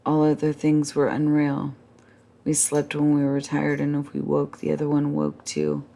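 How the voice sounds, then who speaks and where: A woman reads a classic novel aloud at bedtime, calm and measured. Her voice sits very low, with a gravelly texture and a dark, mellow tone. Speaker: storyteller.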